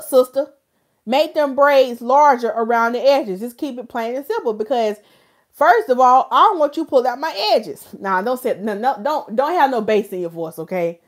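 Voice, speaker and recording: A woman from North Carolina, chatting casually and joking with viewers as a hairstylist hosting a livestream. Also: medium pitch. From North Carolina, USA. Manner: animated, playful, joking with viewers.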